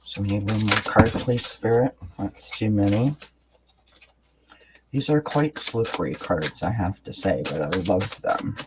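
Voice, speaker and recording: A man doing a tarot card reading for his channel, explaining each card in a calm, unhurried way with pauses and fillers. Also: on the low side, very noisy. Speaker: tarot reader.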